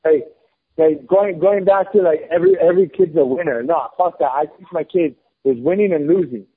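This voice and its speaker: The recording sounds like a phone, lo-fi podcast audio of a guest in his thirties telling a story casually. He has a husky, fairly high voice at a moderate pace, and he's blunt, heated and constantly swearing.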